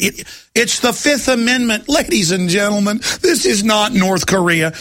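A man's voice: high voice, normal speed, fairly bright tone, dry recording. A middle-aged man hosting a talk radio show, ranting in a heated, agitated monologue.

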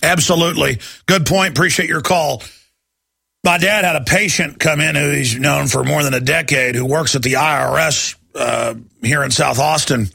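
A man hosting a call-in radio show, talking in a combative, ranting, rapid-fire way from a studio. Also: fairly high pitch, vocal fry, pushed and bright, no room sound. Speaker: talk radio host. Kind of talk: heated call-in radio talk.

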